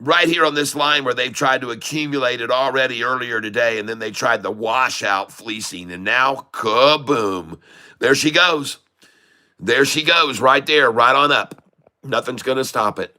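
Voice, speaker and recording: Guy hyping up a stock chart live, bright forceful voice, folksy and worked up. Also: medium pitch, normal speed. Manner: excitable, hyped, folksy slang. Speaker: day-trading streamer.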